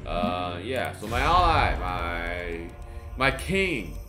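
A man giving casual gaming commentary, excitable, swinging from low mumbling to frustrated yelling. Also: very slow. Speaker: gameplay commentator. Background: game music.

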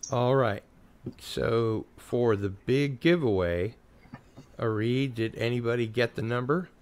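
A man's voice: mid-range voice, takes it slowly, darkish tone. A man hosting a casual watch party stream, running a giveaway in an easygoing way.

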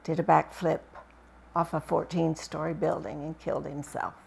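A woman reading a first-person memoir aloud with expressive, dramatic storytelling. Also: sits low, normal speed, gravelly, husky. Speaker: book reviewer reading aloud.

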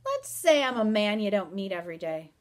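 A woman's voice: medium pitch, big pitch swings, fairly quick, close to an everyday voice. A woman reading a wry, mysterious wanderer. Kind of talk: audiobook reading.

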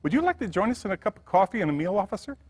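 A wealthy middle-aged businesswoman talks with polite, firm kindness, as a male pastor puts her on. Her lines climb higher than his own voice and swing in pitch. A long church-hall reverb trails each phrase. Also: sing-song, rapid-fire, slightly rough, full character voice. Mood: gracious. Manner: polite, gently insistent.

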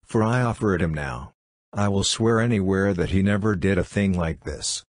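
A fearless young lady of rank, read by a man in his own low voice. She speaks clearly, with a slight quiver, standing her ground. The recording is dry and close. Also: moderate pace, no echo, lightly acted. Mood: courageous. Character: proud young noblewoman, brave and fierce.

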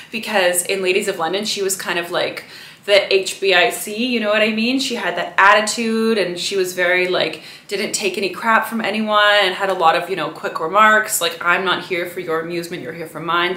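Chatty woman vlogger, bright voice. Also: medium pitch. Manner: chatty, peppers speech with "right?" and "you know". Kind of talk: casual chat to camera. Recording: roomy echo.

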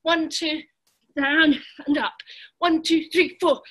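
A woman's voice: high-pitched, fairly even intonation, takes it slowly, a bit bright, poor audio. A woman fitness coach leading a live workout over a video call, counting reps and cheering people on, a little out of breath. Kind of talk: live online workout class.

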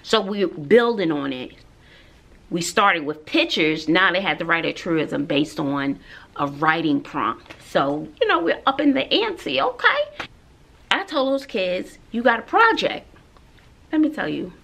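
A woman's voice: on the low side, lively intonation, unhurried, vocal fry, a bit bright. A woman teacher, chatting sassily to her viewers in a casual vlog, talking to them like girlfriends. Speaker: middle school teacher.

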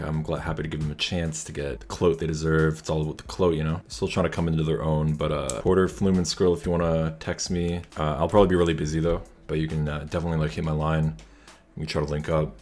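A man's voice: extremely low pitch, level tone, fast. A young man producing music, talking in casual, joking, cocky and profane banter at a desk mic. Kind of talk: casual screen-recorded production vlog. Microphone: desk mic near loud keyboard. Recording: loud music playing over the voice.

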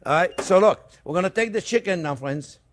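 A male chef with a high-pitched, lively voice talks fairly quickly while hosting a cooking demonstration in a kitchen. He keeps things chatty and jokey, calling the viewers his friends, as a pan sizzles faintly in the background.

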